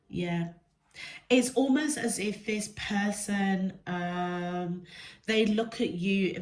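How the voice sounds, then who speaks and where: A woman's voice: mid-range voice, low-quality recording. A woman with a stuffy, congested nose, giving a rambling, casual tarot reading to camera and often checking in with the listener. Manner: rambling, checks in with the viewer often ("okay?", "yeah?"). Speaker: tarot reader.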